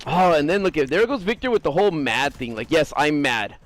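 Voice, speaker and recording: A man talking casually to his live-stream chat while gaming, animated and ranting, swearing freely. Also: fairly high pitch, brisk, low-quality recording.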